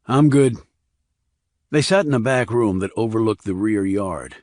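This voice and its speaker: Brief: male audiobook narrator, low-pitched, steady reading, dry studio sound. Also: moderate pace, no echo. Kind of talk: scripted thriller narration.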